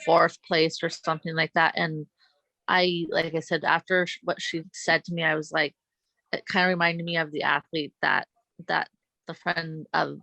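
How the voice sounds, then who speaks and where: A woman athlete speaks as a podcast guest in an earnest, halting way, circling back and restarting her sentences. Her voice sits low with a gravelly edge. The tone is bright and forceful, and the sound is dry and close. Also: level tone, no echo, low-quality recording. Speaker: guest, Special Olympics athlete. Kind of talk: conversational interview storytelling.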